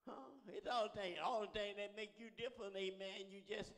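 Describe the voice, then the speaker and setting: A man's voice: sits high, level tone, brisk, a bit bright. A man, preaching a sermon as pastor, calling out to the congregation and often asking "huh?" in a call-and-response style. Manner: preaching with rising calls and repeated "huh?". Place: church sanctuary. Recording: long church reverb.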